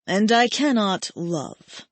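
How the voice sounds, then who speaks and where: A woman's voice: medium pitch, very animated, takes it slowly, dry recording, full character voice. A woman doing a brooding, resigned young man. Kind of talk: audiobook character voice.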